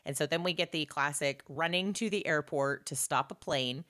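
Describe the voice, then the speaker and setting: A woman chatting casually about an old movie, sarcastic and animated, acting out the characters in lively voices. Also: sits low, moderate pace. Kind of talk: casual movie recap chat.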